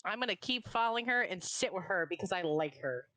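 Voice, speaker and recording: A woman player chatting eagerly at a tabletop game. She talks quickly in a bubbly way, and the sound is dry and close. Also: medium pitch, lively intonation, a bit bright, dry recording. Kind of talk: casual chat at a game table.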